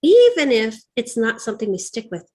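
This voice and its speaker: A woman's voice: a little high, huge pitch swings, fairly quick, a little mellow. A woman hosting a casual interview, talking in a reflective, encouraging coaching manner. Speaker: host.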